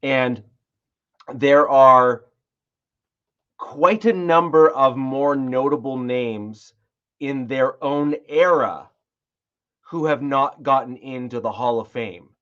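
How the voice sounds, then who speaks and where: A man's voice: mid-range voice, takes it slowly, long pauses, fairly bright tone, dull audio. A man co-hosting a sports podcast, rambling through his points with frequent restarts. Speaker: podcast co-host. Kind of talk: casual sports chat.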